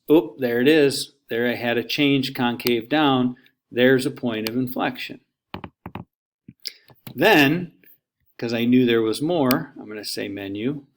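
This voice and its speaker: A man teaching calculus at an unhurried pace, walking through graph work step by step. He keeps a relaxed, folksy classroom manner and talks through every button press. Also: mid-range voice, a little hiss or hum. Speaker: math teacher. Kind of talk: calculus lesson walkthrough.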